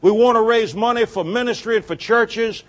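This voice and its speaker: A man with a notably high voice tells a church story as part of a sermon. He is a folksy, animated storyteller who chuckles often. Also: moderate pace. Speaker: church speaker on giving.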